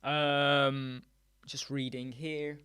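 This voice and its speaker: A man's voice: medium pitch, level tone, very slow, pushed and bright, clear, resonant tone. A man chats with his viewers on a live stream in a loose, joking way. He riffs on silly wordplay and laughs easily between his answers. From United Kingdom. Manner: jokey, playful, riffs on words and laughs often. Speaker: live chat show host. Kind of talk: casual live-stream chat. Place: small dark room with soundproof panels.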